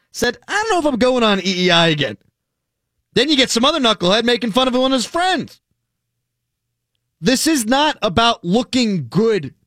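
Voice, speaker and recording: A man's voice: high voice, sharp tone, no echo, studio quality. A man hosting a sports radio show, ranting sarcastically in casual talk.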